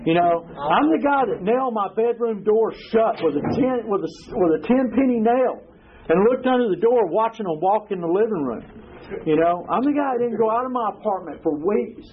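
A man with a drawl shares his story with a recovery group in a loose, earthy, rambling way, dropping "you know" every few words. His voice sits high for a man. The recording is thin and phone-like, with a faint hiss underneath. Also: animated, moderate pace. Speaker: speaker at a recovery meeting. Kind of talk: personal testimony to a group.

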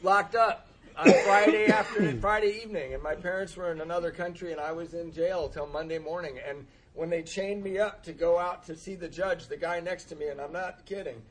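A man's voice: on the high side, brisk, hardly any pauses, fairly bright tone. A man telling a humorous personal recovery story, acting out the dialogue and laughing often at himself. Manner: self-deprecating, laughs often, acts out dialogue. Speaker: speaker sharing a recovery story.

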